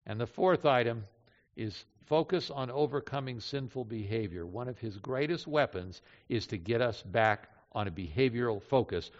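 A man's voice: mid-range voice, fairly bright tone. A man preaching a sermon with emphatic delivery, repeating key phrases and asking rhetorical questions. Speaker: pastor. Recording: dull hall recording with long reverb.

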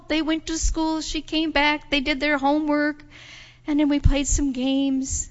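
A woman telling a children's story in church, animated and expressive, putting on voices for the people in her tale. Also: normal speed. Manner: expressive, acts out voices with big pitch jumps. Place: church sanctuary. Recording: dull sound in a reverberant church hall.

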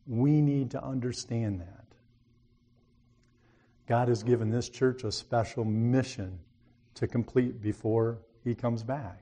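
A man delivering a sermon in a low, mellow voice, with a warm and unhurried tone. He tells his story in a plain, folksy way. Now and then he builds to an emphatic appeal to his listeners. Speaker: preacher.

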